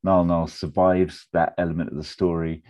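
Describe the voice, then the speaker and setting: A man, casually pitching a film plot in a rambling, animated way full of fillers and restarts. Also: a little fast.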